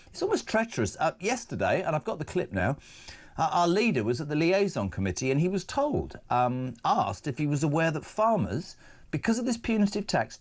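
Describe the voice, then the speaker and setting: A British man hosting a breakfast talk show in a studio, impassioned and emphatic in his opinions. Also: fairly high pitch. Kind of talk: opinionated talk radio presenting. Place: broadcast studio.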